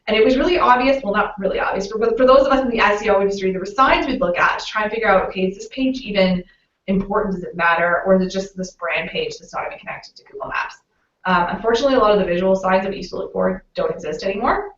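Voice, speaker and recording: A Canadian woman talks through a webinar in a relaxed, explaining way, leaning on "um" and "you know". She sounds a little off the mic, in a roomy space. The audio is muffled and lo-fi. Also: mid-range voice, quick pace, far from the mic. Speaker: local SEO consultant presenting a webinar. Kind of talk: webinar presentation.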